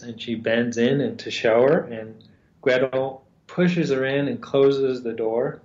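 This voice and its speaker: A man retelling a fairy tale for a lesson, speaking in a slow, halting way with pauses and fillers. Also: mid-range voice, fairly even intonation, darkish tone. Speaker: storyteller and teacher. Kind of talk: storytelling in a lesson. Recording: roomy, slightly dull sound.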